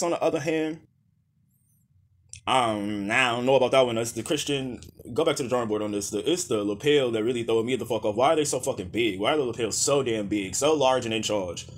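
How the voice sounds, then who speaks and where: A man roasting red carpet outfits in blunt, profane rants, calling names over and over and telling people to go to hell. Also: medium pitch. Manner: blunt, profane, exasperated rants with repeated name calls. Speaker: fashion critic.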